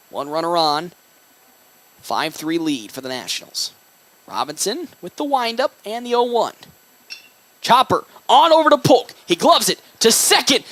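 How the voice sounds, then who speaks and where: A young man doing baseball play-by-play with a high, lively voice that leaps on big plays. He reads sponsor names quickly between pitches. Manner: excitable, rising on big plays. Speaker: play-by-play announcer.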